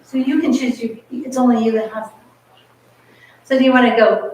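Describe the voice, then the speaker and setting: A woman's voice: a little high, steady tone, brisk, darkish tone. Woman coach singing rhythms, echoey room. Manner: sings rhythms on nonsense syllables while coaching; encouraging, chatty, laughs often. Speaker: chamber music coach. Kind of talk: masterclass coaching. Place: rehearsal room in a community center. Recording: echoey room, miked from a distance.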